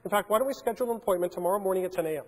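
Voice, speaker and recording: A man's voice: high voice, very fast, background noise. A man giving a keynote talk, telling a story and acting out the dialogue in a large conference hall. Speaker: keynote speaker.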